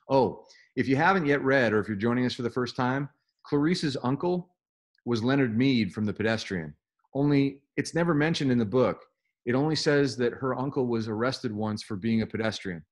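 A man's voice: medium pitch, expressive, moderate pace. A male teacher reading a novel aloud to students on a video call and explaining it in an engaged way.

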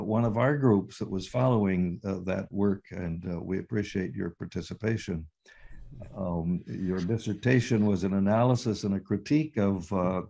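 A man's voice: lowish voice, dark tone. A man hosting a talk, introducing the guest in a hesitant way with many ums and uhs. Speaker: host.

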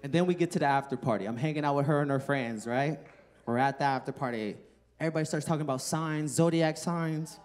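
A stand-up comedian in his thirties works a club stage holding a mic, his voice a little higher than most men's. He talks fast, loose and profane, half chatting with the room and often breaking into laughter at his own lines.

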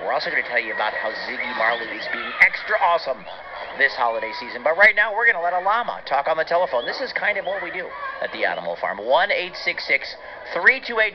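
A man hosting a kids' radio show, chatting enthusiastically between songs. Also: medium pitch. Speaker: radio host. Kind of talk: kids radio show chat. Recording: muffled radio broadcast with noise.

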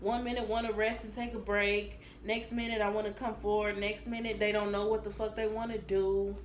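A woman giving a casual tarot reading, blunt and profane, talking in an animated way. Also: medium pitch, brisk. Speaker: tarot reader. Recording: echoey room with faint ambience.

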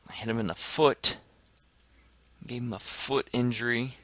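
A man commenting excitedly on his gameplay as a gaming channel host, dropping to whispers and bursting into shouts. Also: mid-range voice, a little slow, no echo. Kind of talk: let's play commentary.

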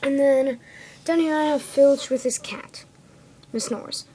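A woman's voice: high voice, normal speed, mellow, slight background noise, poor audio. A woman giving a casual, rambling show-and-tell review of a toy set, often correcting herself and tagging lines with "okay?", recorded on a phone indoors at home. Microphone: phone camera.

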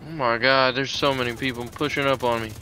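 A man giving casual gameplay commentary, excitable and swearing often, with sudden loud outbursts. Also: medium pitch, brisk, a little hiss or hum, rough recording. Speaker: gameplay streamer.

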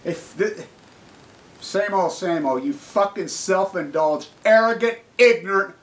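A man delivering an angry, profane monologue, fiercely indignant and at times shouting. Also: high-pitched, a little slow, slight background noise, low-quality recording.

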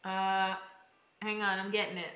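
A woman's voice: medium pitch, level tone, unhurried, reverberant, loud music behind the voice. A young woman streaming a game live, chatting with viewers and sounding exasperated.

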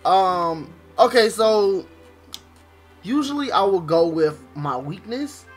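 A man's voice: high-pitched, expressive, takes it slowly, faint music behind. A man giving casual, slangy, playful commentary while playing a video game. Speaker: gaming YouTuber. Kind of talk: let's play commentary.

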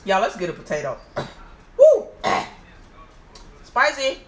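The woman's voice is fairly low and moves at normal speed, with a roomy sound. Hosting a casual eating vlog, she talks animatedly to her audience, exclaims between bites, and calls them y'all.

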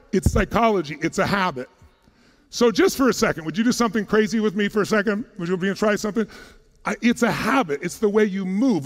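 Brief: male motivational speaker, pitched high, punchy crowd work, joking, booming hall reverb. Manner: punchy, fires rapid questions at the crowd; casual, jokey, a little profane. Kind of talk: energetic stage talk to a live audience. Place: large conference hall.

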